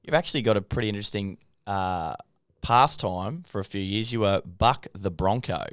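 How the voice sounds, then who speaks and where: A man's voice: fairly low pitch, moderate pace, clean tone, no room sound, studio quality. A man hosting a podcast, upbeat and matey as he interviews a guest. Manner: upbeat, matey, laughs along. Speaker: podcast host.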